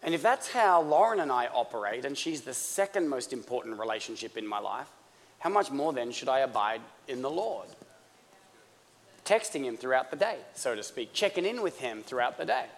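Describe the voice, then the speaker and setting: A man's voice: mid-range voice, lively intonation, moderate pace. A man from Australia preaching a sermon in a conversational, joking manner that builds toward fervor. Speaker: pastor. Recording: long church-hall reverb.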